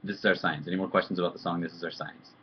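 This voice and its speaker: A man's voice: low voice, little pitch movement, racing, dull audio, slight background noise. A man chatting casually on a live video stream, answering fan questions in a loose, joking, rambling way. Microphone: computer webcam mic.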